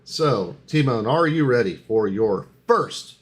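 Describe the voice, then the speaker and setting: A man's voice: mid-range voice, animated, takes it slowly. Playful man hosting a headline game. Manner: playful, announcer-like, stumbles over headlines. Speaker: game host on a live talk show. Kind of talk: casual live show chat.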